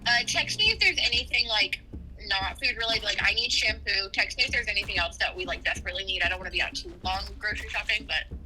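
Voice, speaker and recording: A woman's voice: medium pitch, fast talker, pushed and bright, low-quality recording. A young adult woman talking casually with her spouse, rambling and hesitant with many fillers. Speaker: streamer's spouse. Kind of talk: casual conversation.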